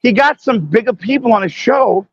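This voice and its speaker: A man's voice: very high voice, animated, moderate pace, no echo. A man from Brooklyn chatting casually on a live stream as he walks the city streets, boisterous and profane, laughing often. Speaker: guest streaming while walking. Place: outdoors on city streets, walking. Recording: muffled live-stream audio.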